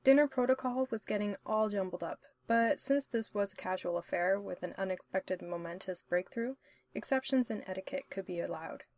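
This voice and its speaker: A woman reads a story aloud in an even, steady manner. Her voice sits at a middle pitch. The recording is dry and close, with no echo. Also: moderate pace. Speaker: narrator. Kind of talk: audiobook-style story reading.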